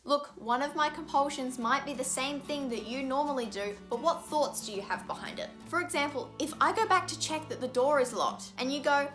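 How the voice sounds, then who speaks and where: A young woman with a high, bright, ringing voice talks straight to camera, earnest and openly frustrated, leaning on repeated words for emphasis. Soft music plays faintly underneath. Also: a little fast, hardly any pauses. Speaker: vlogger. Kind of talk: explanatory vlog to camera.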